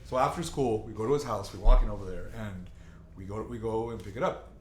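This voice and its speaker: A man's voice: fairly low pitch, brisk, a little hiss or hum. A young man telling a long, rambling, profane story in casual chat with friends, restarting his sentences often. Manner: rambling, profane, self-interrupting. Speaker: podcast host. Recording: echoey room, faint ambience.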